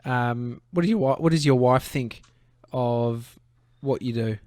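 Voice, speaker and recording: A man's voice: medium pitch, slow, a little mellow, no room sound. Easygoing Australian man hosting. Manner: easygoing, picks up on words, reads viewer comments. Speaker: podcast host. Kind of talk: casual chat.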